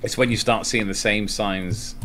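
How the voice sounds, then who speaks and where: Low-voiced man guiding a friend. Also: fairly even intonation, normal speed, fairly bright tone. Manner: patient, giving directions. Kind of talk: casual gameplay chat.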